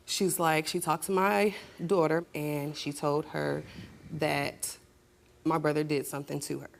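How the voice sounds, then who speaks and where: A young adult woman appears as a guest on a talk show, giving emotional testimony as she recounts a painful family story in a blunt, heated manner. Her voice sits low and sounds gravelly.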